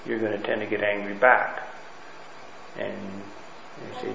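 Over a noisy crowd, a man with a lowish, flat voice and some vocal fry teaches a Bible lesson at normal speed. He keeps it conversational, checking in with his class through "okay?" and "right?". The recording is roomy, dull and lo-fi.

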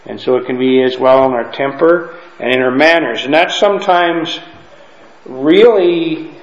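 Teaching a Bible lesson at a measured pace, a man with a mid-range voice talks casually to his class. He often checks in with them using "okay?" and "right?", and the audio is a dull, roomy lo-fi room capture.

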